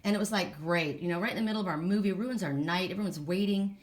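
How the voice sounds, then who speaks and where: A middle-aged woman giving a casual oracle card reading, chatty and animated, telling stories and laughing as she talks. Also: on the low side, fast.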